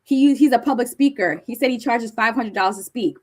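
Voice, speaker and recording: A middle-aged woman from New Jersey giving a conference talk, high-energy and animated as she tells stories to the audience. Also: a little fast. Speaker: speaker presenting to an audience. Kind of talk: conference presentation.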